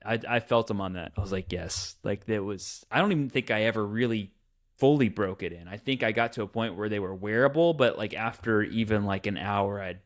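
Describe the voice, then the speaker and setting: A man's voice: fairly low pitch, brisk. A young adult man co-hosting a podcast, rambling casually with restarts and laughing at himself. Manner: rambling, many restarts, self-mocking. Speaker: podcast co-host. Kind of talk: casual chat.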